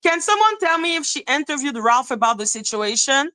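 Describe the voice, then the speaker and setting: A woman's voice: sits high, very animated, a little fast, bright, forceful tone, no echo, poor audio. A woman live-streaming a heated, profane rant, scornful and mocking. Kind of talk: heated ranting commentary.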